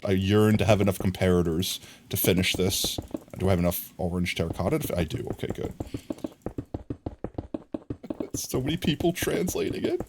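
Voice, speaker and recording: A man's voice: low-pitched, background noise. An American man livestreaming a game from home, rambling casually and talking to his chat. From United States. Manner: rambling, chatty, talks to chat and reads it aloud. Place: home room with his dog.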